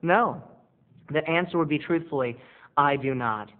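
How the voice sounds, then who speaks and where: Man, slightly high voice, rambling confessional vlog, tinny phone-like sound. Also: a little slow. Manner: rambling, self-mocking, breaks into quoted voices. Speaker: video blogger. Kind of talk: confessional comic monologue. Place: home bedroom studio.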